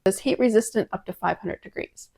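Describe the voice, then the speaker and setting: A woman's voice: mid-range voice, brisk, creaky, warm tone, slight background noise. A woman casually testing kitchen gadgets at home, chatty and prone to dramatic exclamations. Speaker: product-testing vlogger. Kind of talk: casual kitchen product review.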